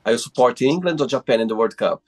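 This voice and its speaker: A man's voice: mid-range voice, expressive, rapid-fire. A man hosting an interview show over a video call, encouraging his guest and reading out questions with slightly uneven phrasing. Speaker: host. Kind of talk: interview host.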